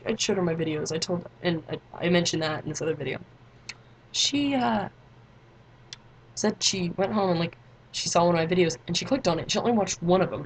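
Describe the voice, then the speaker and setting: A woman's voice: on the low side, slight background noise, low-quality recording. A teenage girl vlogging in a rambling, chatty way, full of fillers and side notes. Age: teens. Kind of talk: casual chat to camera.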